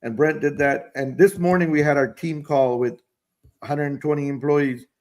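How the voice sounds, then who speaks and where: A man's voice: fairly high pitch, steady tone, normal speed, a little mellow. A man telling a story in casual chat on a video call, with small restarts.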